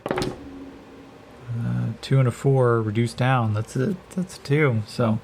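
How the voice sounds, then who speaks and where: A man narrates a solo tabletop role-playing game at a slow, unhurried pace, pausing often as he describes scenes and rolls dice. His voice is mellow and relaxed, and a faint hiss sits behind it. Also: mid-range voice, creaky. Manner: unhurried, hesitant, many pauses. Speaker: game master.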